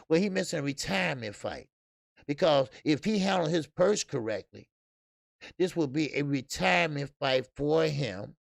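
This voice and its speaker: A man's voice: on the high side, animated, normal speed, gravelly, no echo, studio quality. A man hosting a boxing channel, ranting in a casual, profane, emphatic way, with many "uh" fillers. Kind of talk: casual boxing commentary rant.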